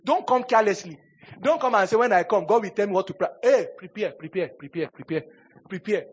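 A man preaches with emphatic repetition. His voice sits high and husky, and his bursts swing from hushed pleading to loud exhortation. The recording is dull and lo-fi. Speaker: pastor. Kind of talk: sermon.

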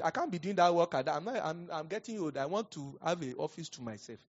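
A Nigerian-accented male pastor preaching with a lively, swooping delivery and a slightly husky edge. He tells his stories animatedly and laughs often. The recording sounds dull and lo-fi. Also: a little high, fairly quick, few pauses. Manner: animated storyteller, laughs often, acts out quotes. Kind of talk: sermon with storytelling.

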